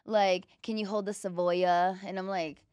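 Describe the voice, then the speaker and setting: A woman's voice: medium pitch, steady tone, brisk, a little mellow, smooth, no echo. A woman hosting a comedy podcast in casual chat, brash and profane, bursting into big laughs, with a Puerto Rican family background. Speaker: podcast host.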